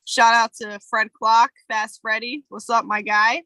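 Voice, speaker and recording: A woman with a bright, forceful voice, pitched a little high, talks casually on a podcast. Her storytelling is candid and emotional, full of fillers, and her sound is dry and close. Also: level tone, measured pace, no room sound, poor audio. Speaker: podcast co-host. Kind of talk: casual chat.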